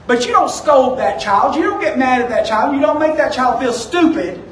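A pastor with a strikingly high voice preaches in a loose, storytelling way. He sounds a little distant from the mic, and his voice rings in a roomy, echoing sanctuary over faint background noise. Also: animated, normal speed, hardly any pauses. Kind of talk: sermon. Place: church sanctuary. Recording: echoey room, distant from the mic.

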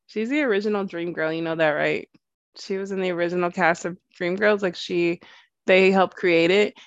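A woman's voice: lowish voice, steady tone, normal speed, no echo, muffled recording. A woman co-hosting a podcast in casual chat, talking freely, laughing often and acting out what people said. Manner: chatty, laughs often, acts out quotes. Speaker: podcast co-host.

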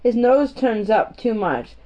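Lady reading as a chatty housemaid, homely, a bit higher voice, dull muffled audio. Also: very animated, slow pace. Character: cheerful young Yorkshire housemaid. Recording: muffled lo-fi recording.

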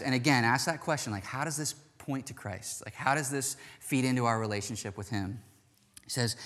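A man preaching in a relaxed, conversational way, acting out quoted lines as he talks. His voice sits at an ordinary middle pitch. It rings with long reverb, as in a church hall. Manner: animated, chatty, acts out quoted lines. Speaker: pastor. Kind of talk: sermon.

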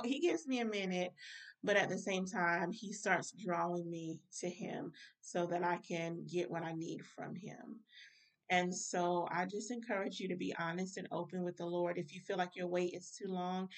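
Low-voiced woman minister teaching scripture. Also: distant mic. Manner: informal, direct address to listeners. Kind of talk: Bible study teaching.

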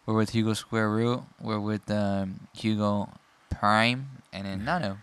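A man's voice: on the low side, fairly even intonation, a little slow, fairly bright tone, clear, resonant tone, no room sound. A man co-hosting a podcast in casual chat, rambling and playful as he tells stories. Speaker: podcast co-host.

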